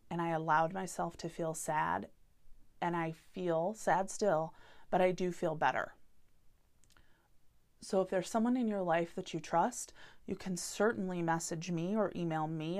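A woman in her thirties hosting a solo podcast, talking earnestly and openly about hard feelings. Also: fairly low pitch. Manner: earnest, heartfelt and openly vulnerable. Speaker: podcast host. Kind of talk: candid solo podcast talk.

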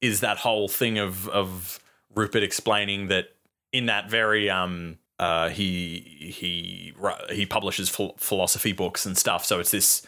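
A man chatting casually about a film, animated, swearing freely and acting out lines from scenes. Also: low voice, a little slow.

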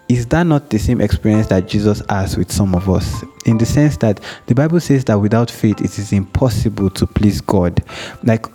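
Earnest male devotional host, mellow low voice, light music bed. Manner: earnest, repeats phrases, acts out a phone call. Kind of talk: casual devotional teaching and prayer.

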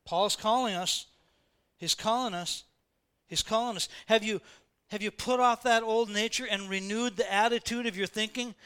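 A man's voice: high voice, steady tone, moderate pace, pushed and bright, clean tone. A man preaching a sermon in a conversational way, repeating phrases for emphasis and acting out quoted voices. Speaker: pastor.

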